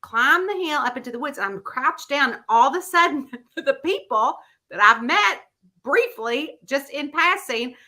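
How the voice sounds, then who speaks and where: A woman's voice: sits high, moderate pace. A woman, a mystery author chatting casually to her viewers and acting out the story she tells. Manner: animated storyteller who acts out the voices in her anecdotes. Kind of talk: casual chat vlog.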